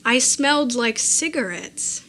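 Higher-voiced woman reading her memoir. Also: animated, unhurried, fairly bright tone. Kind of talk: live reading of a personal essay.

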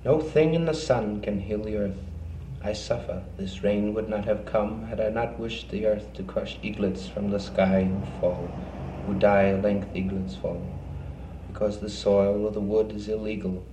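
A man giving a poetry reading in a measured, rhythmic way. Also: fairly low pitch, steady tone, dark tone, slight background noise. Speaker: poet reading his work. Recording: roomy reverberant recording with faint ambience.

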